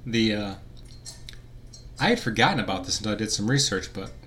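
A man's voice: fairly low pitch, lively intonation, brisk, a bit bright, a little hiss or hum. A man hosting a podcast, playfully quizzing and teasing his co-host. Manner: playful, teasing, quiz-master delivery. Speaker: podcast host running a quiz. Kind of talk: casual podcast banter.

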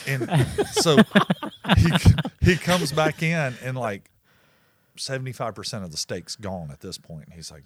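A man's voice: mid-range voice, sing-song, moderate pace, breathy edge, dry recording. A man co-hosting a podcast, telling a long story in casual chat, swearing often and laughing mid-sentence. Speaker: podcast co-host.

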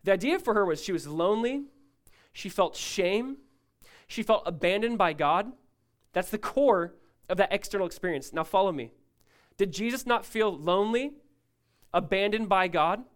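A male pastor preaching a sermon, emphatic and rising loud, then dropping to a hushed tone, often asking listeners to follow along. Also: sits high, expressive, normal speed, pauses often. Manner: asks the congregation to follow along.

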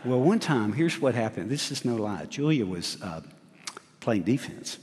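A middle-aged male pastor preaches in a lively, swooping voice, asking the room questions and poking fun at himself. His voice sits at an ordinary pitch and carries a long reverb from a church sanctuary. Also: normal speed, slight background noise. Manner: animated preacher, asks the congregation questions, laughs at himself. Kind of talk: sermon.

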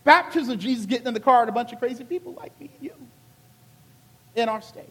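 A male pastor from Charleston, South Carolina, with a Southern accent and a high voice, preaching a sermon in an animated, colloquial storytelling way. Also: quick pace, husky, big-room sound.

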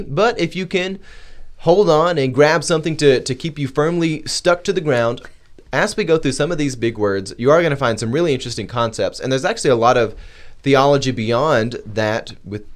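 A man hosts a Christian discussion podcast as its pastor. His pitch rises and falls widely as he presses emphatic questions. His tone is animated and energetic throughout.

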